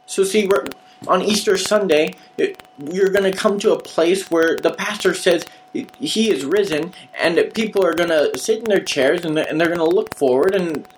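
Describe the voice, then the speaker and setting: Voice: mid-range voice, a little hiss or hum, low-quality recording. A preacher giving an emphatic, repetitive sermon in a casual, slangy way.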